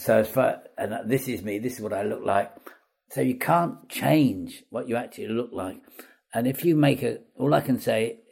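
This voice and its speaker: Older man, husky storyteller. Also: fairly low pitch. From Wales. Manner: chatty, self-deprecating, lively with hesitations. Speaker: veteran actor guest. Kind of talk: anecdotal storytelling.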